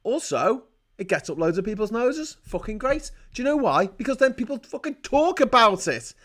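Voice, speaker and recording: A man's voice: very high voice, big pitch swings, moderate pace, fairly bright tone. A man hosting a livestream, giving profane, heated and indignant political commentary into a desk mic. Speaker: livestream host.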